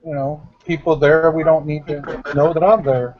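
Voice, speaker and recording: A man with a fairly high voice talks through his moves as a player in a tabletop game, restarting his sentences. The recording is muffled and lo-fi. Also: fairly even intonation, moderate pace. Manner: explains plans with restarts.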